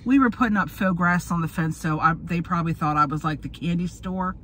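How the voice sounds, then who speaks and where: A woman's voice: fairly low pitch, a little fast, a bit bright, a little hiss or hum. A woman in her forties chatting casually in a car, rambling and losing her train of thought. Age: 40s. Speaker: vlogger. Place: in a parked car.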